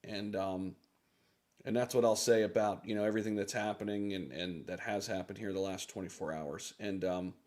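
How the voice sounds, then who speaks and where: A man's voice: fairly low pitch, fairly even intonation, normal speed, darkish tone. A man hosting a live crypto audio room, talking earnestly with many fillers and restarts. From United States. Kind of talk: casual live talk.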